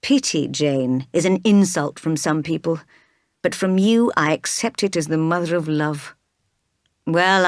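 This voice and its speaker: Woman reading as a brooding gentleman. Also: lowish voice, dry recording, clean studio sound, natural voice. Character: brooding wealthy gentleman, passionate and commanding. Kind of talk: audiobook reading.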